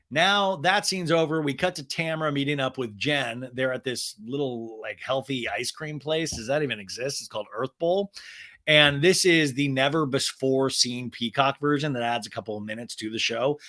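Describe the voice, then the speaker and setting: A young adult man hosting a podcast, recapping a reality TV episode in casual comedic style and quoting the cast in quick voices. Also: mid-range voice. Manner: animated, quotes cast members in quick acted snippets.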